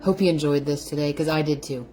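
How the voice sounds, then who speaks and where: A woman's voice: low-pitched, fairly even intonation, quick pace, background noise. A middle-aged woman hosting a casual live stream from her home kitchen, effusive and greeting viewers by name, growing teary-eyed. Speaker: keto lifestyle livestream host. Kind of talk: casual livestream chat.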